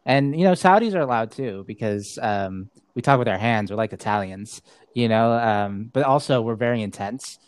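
A man's voice: fairly low pitch, animated, normal speed, smooth, no echo. A man hosting a podcast, talking casually with lots of fillers and easy laughter. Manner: chatty, filler-heavy, laughs easily. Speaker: podcast host.

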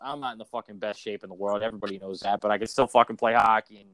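A man's voice: on the low side, steady tone, racing, fairly bright tone, dry recording. A man co-hosting a casual podcast chat, rambling and swearing, with many restarts. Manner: rambling, profane, frequent restarts. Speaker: podcast co-host.

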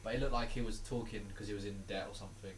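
A man's voice: lowish voice, fairly even intonation, rapid-fire, reverberant, recorded from a distance, a little hiss or hum, rough recording. A man telling a rambling story in casual podcast chat, acting out the quotes he tells. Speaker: podcast co-host.

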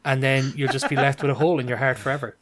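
A man's voice: mid-range voice, little pitch movement, quick pace. A man co-hosting a podcast, chatting with enthusiasm. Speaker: podcast co-host. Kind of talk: casual chat.

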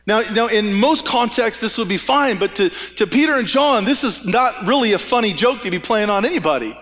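A man's voice: high-pitched, lively intonation, fairly quick, fairly bright tone. A man preaching a sermon as a pastor, telling the story in a conversational way and acting out the dialogue. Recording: long reverb of a church hall.

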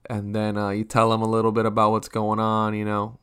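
A man's voice: fairly low pitch, completely flat delivery, brisk, a bit bright, clean tone. A man around thirty ranting casually for laughs, rambling and swearing, often restarting his sentences and poking fun at himself. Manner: rambling, profane, self-mocking, frequent restarts. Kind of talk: casual comedic rant.

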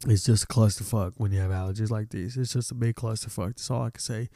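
A man's voice: lowish voice, steady tone, fast, warm tone, dry recording, clean studio sound. A young adult man hosting a podcast alone, ranting casually with lots of swearing, his nose stuffed up from allergies. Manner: profane, rambling, exasperated. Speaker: podcast host.

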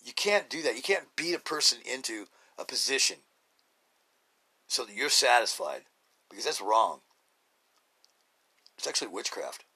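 A man's voice: medium pitch, animated, moderate pace, long pauses, pushed and bright, slightly rough. A middle-aged man hosting a podcast, talking in a blunt, rambling casual monologue full of fillers and restarts. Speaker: podcast host.

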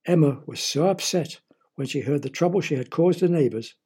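A man reading a children's story aloud in a gentle, explanatory manner. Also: fairly high pitch, lively intonation, a little fast, slightly rough.

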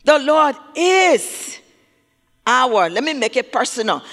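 A man's voice: very high voice, big pitch swings, slow, fairly bright tone. A man preaching a sermon, emphatic, repeating key words and calling on listeners to say them back. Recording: long reverb of a large hall.

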